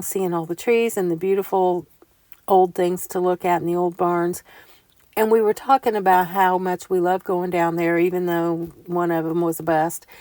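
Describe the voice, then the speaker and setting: Older woman, chatty vlog voiceover, lowish voice, dry close sound. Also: no room sound. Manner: chatty, homey, animated when recounting. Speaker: vlogger. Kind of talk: casual voiceover storytelling. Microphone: close mic voiceover.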